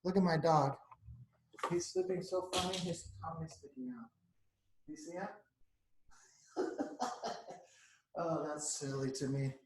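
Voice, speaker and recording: A man's voice: fairly high pitch, steady tone, a little slow, pauses often, darkish tone, slight background noise. A man, a teacher, reads a storybook aloud to children at home, breaking off for simple, chatty explanations of words. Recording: roomy echo.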